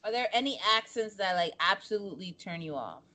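A woman's voice: mid-range voice, animated, a little fast, heavy background noise. A woman hosting a podcast interview, playful and teasing, laughing easily. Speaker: podcast host.

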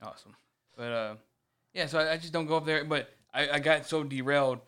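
A man in casual conversation with a slightly high, smooth voice. He tells his stories with lots of energy, swears freely, and acts out what other people said. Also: a little fast. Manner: animated storytelling, swears often, acts out quotes. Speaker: podcast co-host. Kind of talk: casual chat.

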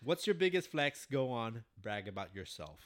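Chill young dude cohosting, teasing, laughs easy, voice goes up and down a lot. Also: male voice, mid-range voice, big pitch swings, fairly bright tone. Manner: laid-back and teasing, quick to laugh. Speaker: podcast co-host. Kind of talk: casual chat.

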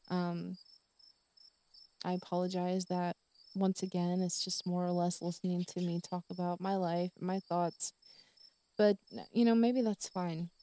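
Solo podcast host, woman in her forties, low and flat, chatty and rambling. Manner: rambling and chatty, with fillers and soft laughs. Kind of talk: casual solo podcast chat.

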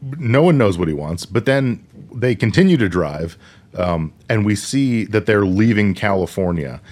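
A man's voice: on the low side, expressive, measured pace, darkish tone. A man co-hosting a casual movie podcast, laid-back, swearing easily and recapping the plot with lots of filler words. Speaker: podcast co-host. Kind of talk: casual movie review chat.

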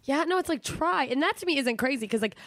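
Woman host, bit high voice, jumps in a lot, dry sound. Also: expressive, fairly bright tone, no echo. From United States. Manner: quick interjections, eager agreement. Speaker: podcast host. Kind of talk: casual chat.

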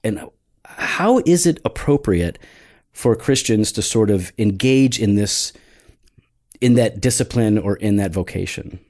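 A man's voice: fairly low pitch, lively intonation, unhurried, darkish tone. A man interviewing a guest, asking questions in an easy casual way. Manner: brief affirming interjections.

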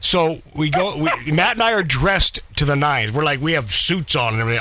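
A man's voice: a little high, expressive, brisk, bright, forceful tone. A man, the host's brother, telling a rambling story in a casual chat.

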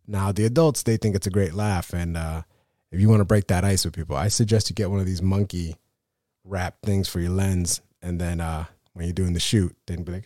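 A man's voice: deep voice, normal speed, dark tone, no echo, clean studio sound. A man hosting his own photography podcast, talking in a rambling, self-deprecating way with many fillers and restarts. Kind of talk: casual solo podcast monologue.

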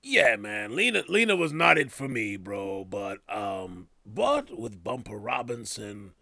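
A man's voice: on the low side, big pitch swings, a little slow, vocal fry, sharp tone, no echo. A man hosting a casual podcast, rambling with loose slang, trailing off and restarting his thoughts. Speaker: podcast host. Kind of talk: casual chat.

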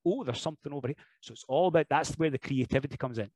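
A man's voice: fairly high pitch, racing, no room sound, poor audio. A man with a Scottish accent, a wrestler chatting as a podcast guest, telling jokey stories with lots of energy. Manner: animated, jokey storyteller who slips into impressions and laughs. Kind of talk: casual podcast interview chat.

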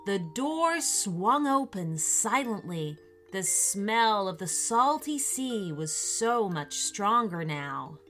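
Woman storyteller, bright lively tone, unhurried, soft music under. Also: mid-range voice. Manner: expressive, animated reading. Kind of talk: children's story narration.

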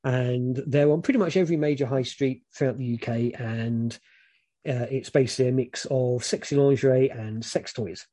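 A British man giving frank, relaxed advice in casual chat, rambling with many fillers. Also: medium pitch, moderate pace.

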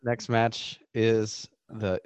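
A young man with a lowish voice chats casually on a podcast, teasing his friends and laughing easily. The sound is close and dry, with no room around it. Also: flat delivery, extremely slow, a little mellow, clean tone, no echo. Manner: teasing, laughs often, wrestling predictions. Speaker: podcast co-host. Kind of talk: casual chat.

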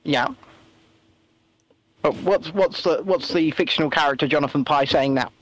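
A man's voice: on the high side, moderate pace, a crowd in the background, rough recording. A man co-hosting a casual political chat, mocking and sarcastic, sometimes slipping into impressions. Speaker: podcast co-host.

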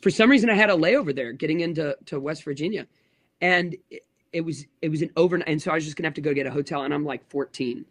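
A man's voice: on the high side, quick pace, no echo. A man in his thirties, a pastor, telling stories in a casual interview with lots of restarts and acted-out quotes. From United States. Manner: animated storyteller with many restarts and acted quotes.

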